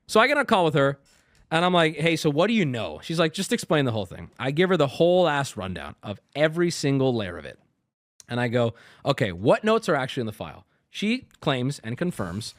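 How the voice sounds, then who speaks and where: A streamer in his thirties angrily rants to his audience about a customer service call, swearing and quoting both sides in an animated retelling. His voice is mid-range. The audio is studio quality with no echo.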